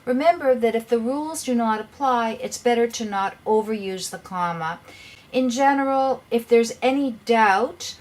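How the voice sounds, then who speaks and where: A woman teaching an English grammar lesson, who speaks slowly and carefully, reads examples aloud and names each punctuation mark. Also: on the high side, darkish tone. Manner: explains step by step with examples.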